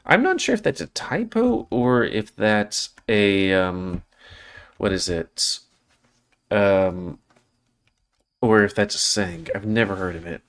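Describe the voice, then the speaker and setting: A man with a fairly low voice plays through a visual novel, reading its lines aloud. Between passages he drifts into loose, rambling asides about the story. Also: very animated, slow pace, pauses often, a bit bright. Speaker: let's play host.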